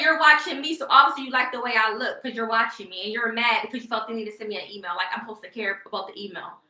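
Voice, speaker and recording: A young woman vlogging on a relaxed livestream mocks and sasses her way through a rant, laughing frequently. She speaks in a high, bright, sharp voice inside an echoey room.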